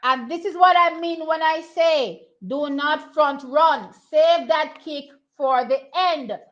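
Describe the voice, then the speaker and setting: A young woman giving casual live commentary on a track race, excitable and repeating herself as she thinks aloud. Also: high voice, slow pace. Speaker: track and field watch-along host. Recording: slightly muffled lo-fi audio.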